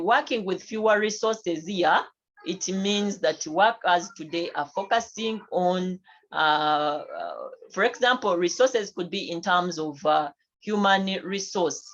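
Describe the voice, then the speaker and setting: Lower-voiced woman lecturing, muffled. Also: a bit bright. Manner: repetitive, many fillers and tag questions. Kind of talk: recorded university lecture. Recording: dull lo-fi recording.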